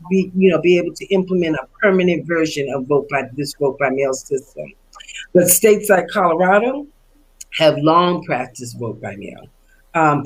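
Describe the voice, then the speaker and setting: A woman speaking on a panel, explaining voting policy in an earnest, steady way with occasional fillers. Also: low voice, husky, rough recording. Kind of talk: panel discussion remarks.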